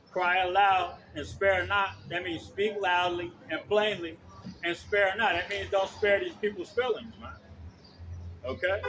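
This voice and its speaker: A man preaching outdoors on the street, loud and blunt, swearing and checking in with his listeners again and again. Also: sits high, noisy background. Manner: loud, blunt, profane, keeps asking "okay?".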